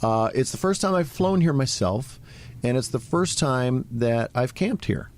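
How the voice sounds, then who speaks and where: A man, an actor and comedian, telling animated stories as a guest in a radio interview and laughing often. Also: medium pitch, measured pace. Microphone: studio broadcast mic.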